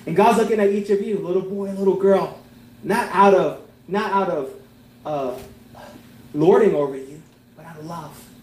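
A man preaching a sermon as pastor, earnest, swelling to emphatic peaks and then dropping to soft, tender lines. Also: sits high, moderate pace, reverberant, poor audio.

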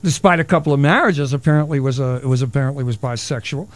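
A man's voice: mid-range voice, fairly even intonation, fast. A middle-aged man hosting a solo radio talk show, rambling and wisecracking with self-mocking asides. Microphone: studio broadcast mic.

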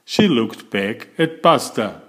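Slow, expressive man reading a story. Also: medium pitch. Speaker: storybook reader. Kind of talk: bedtime story read-aloud.

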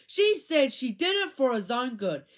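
A woman reading a children's chapter book aloud, with an expressive, animated delivery. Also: high voice, a little slow. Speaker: reader.

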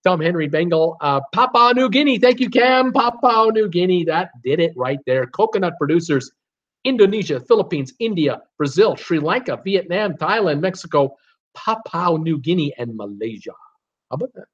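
A man's voice: fairly high pitch, expressive, fairly bright tone. Chatty man hosting a live quiz, lo-fi sound. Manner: chatty and encouraging, with frequent "uh" and "um" pauses. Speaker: host of a live trivia stream. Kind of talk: casual live-stream quiz, reading viewer guesses aloud.

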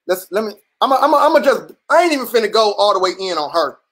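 A livestream host giving blunt, profane, combative commentary that keeps restarting and rises into near-shouts. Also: mid-range voice, very animated, quick pace, rough recording. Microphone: computer or phone mic on a live stream.

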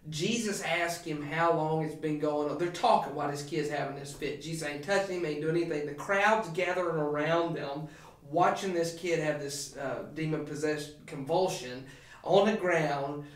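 A man, a pastor, talking through a scripture passage on a podcast in an emphatic, animated preaching way with frequent restarts. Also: a little high, normal speed, echoey room, distant mic. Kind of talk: podcast sermon talk.

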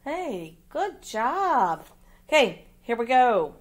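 A woman's voice: a little high, very animated, very slow. A woman teacher with an American Midwest accent giving a phonics lesson to young children, patiently spelling words out letter by letter.

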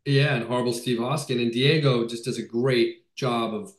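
A man who directs films, speaking over a video call in a room with a noticeable echo. He rambles eagerly and piles up fillers and restarts. His voice sits at a middling pitch. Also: steady tone, normal speed. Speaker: film director. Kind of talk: casual video-call interview. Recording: roomy echo.

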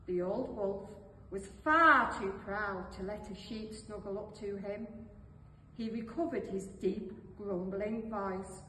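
Slow, expressive woman reading a storybook. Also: mid-range voice, a little hiss or hum. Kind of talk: storybook read-aloud. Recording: echoey hall, voice from far off.

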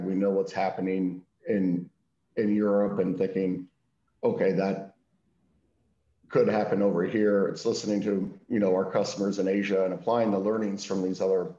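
A man, a venture capital executive, answering panel questions in a relaxed, conversational way. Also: low-pitched. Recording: dull, echoey room sound.

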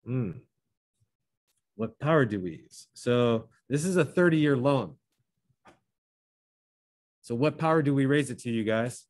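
A man's voice: medium pitch, animated, unhurried, long pauses, no room sound. Dry-sounding male teacher working through steps. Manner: talks through steps, self-correcting. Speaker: math teacher. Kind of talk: classroom lesson.

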